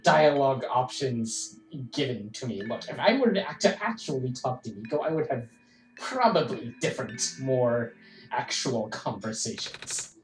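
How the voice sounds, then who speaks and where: A woman's voice: rumbling low, animated, normal speed. A woman voicing a lost, earnest young child in a game, asking pleading questions. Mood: puzzled. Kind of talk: game dialogue read aloud. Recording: roomy echo with game music.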